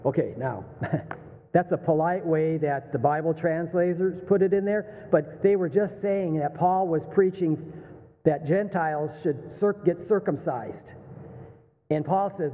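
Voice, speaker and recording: Older pastor preaching in an echoey hall. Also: male voice, a little high, unhurried, slight background noise. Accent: Texan. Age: 60s. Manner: conversational, animated, laughs and asks the room. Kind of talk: sermon. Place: church sanctuary. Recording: phone-like, thin sound with long hall reverb.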